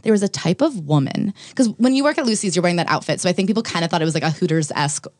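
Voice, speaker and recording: A woman comedian from New Jersey in casual podcast chat, telling stories rapidly and animatedly and swearing freely. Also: lowish voice, expressive, a little mellow, dry recording. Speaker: comedian guest.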